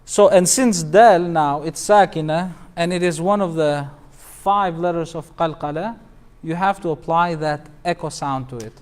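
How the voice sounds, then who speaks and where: A man's voice: fairly high pitch, unhurried, hardly any pauses. A man, an imam, teaching a Quran recitation class, patiently explaining rules, quizzing students and chanting the verses melodically.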